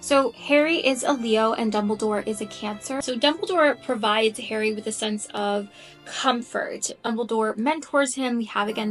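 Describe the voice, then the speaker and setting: Earnest woman explaining over soft music. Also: fairly high pitch, rough recording. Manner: earnest, thinks aloud with frequent "um"s. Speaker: astrology content creator. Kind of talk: casual explanatory talk.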